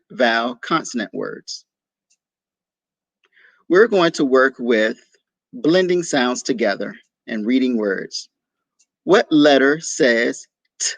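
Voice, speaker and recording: A man leads a children's phonics lesson at a very slow, patient pace. His voice is gravelly, and it sounds close and dry with no room echo. He sounds out each letter and praises every answer. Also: mid-range voice. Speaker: teacher.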